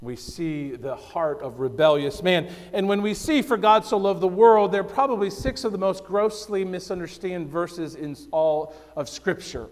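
A male pastor preaching a sermon, swinging between loud emphasis and hushed, low phrases. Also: expressive, unhurried, hardly any pauses, big-room sound.

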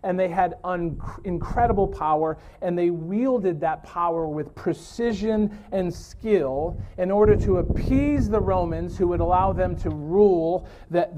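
A man's voice: high voice, mellow. A man preaching a sermon, earnest and explanatory, now and then correcting himself mid-sentence.

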